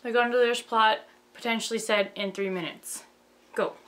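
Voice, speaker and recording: A young woman rushing through a casual plot summary, rambling with lots of fillers and self-corrections, bubbly and flustered. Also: on the high side, fairly even intonation, a bit bright, a little hiss or hum. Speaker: video host.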